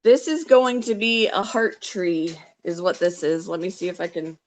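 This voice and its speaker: A middle-aged woman chatting casually with viewers while she works on a craft, softly rambling and talking to herself. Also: on the low side, moderate pace. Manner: soft, rambling, talks to herself while working. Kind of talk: casual live-stream chat.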